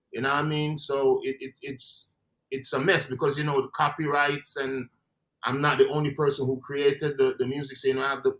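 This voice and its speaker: A man's voice: medium pitch, a bit bright. A man with a Jamaican accent, a guest in a casual interview, talking in a laid-back way and trailing off between phrases.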